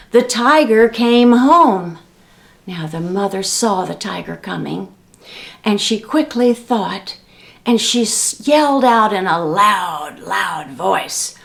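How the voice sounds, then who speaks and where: Slow, gentle woman reading to children. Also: medium pitch, creaky. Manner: gentle, expressive, teaching children. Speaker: children's librarian. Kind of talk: storytime read-aloud and sing-along.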